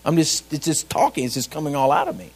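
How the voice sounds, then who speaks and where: A man's voice: a little high, sing-song, quick pace, breathy edge. A middle-aged man preaching a sermon in a folksy, conversational way, throwing rhetorical questions at his congregation. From grew up on a ranch.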